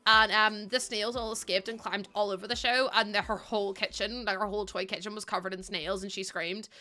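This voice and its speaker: A woman's voice: mid-range voice, steady tone, brisk, bright, forceful tone. A young woman streaming a game, chatting casually and giggling through rambling stories. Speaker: live streamer. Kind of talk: casual chat while gaming.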